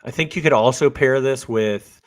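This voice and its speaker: A man in casual podcast chat with an ordinary mid-range voice. He teases his co-host with dry, sarcastic jokes. His delivery stays relaxed and conversational. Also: mid-range voice, moderate pace.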